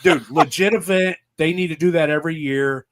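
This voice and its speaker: A man from Pennsylvania tells rowdy, profane stories in casual podcast chat. His voice sits a little high, and he acts out the people he quotes. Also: brisk, a bit bright. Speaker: podcast host.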